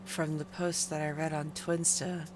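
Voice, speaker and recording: A woman's voice: deep voice, flat delivery, a little slow, noisy background. A woman live-streaming in casual chat with her viewers, groggy, her morning voice cracking, chatty and self-deprecating.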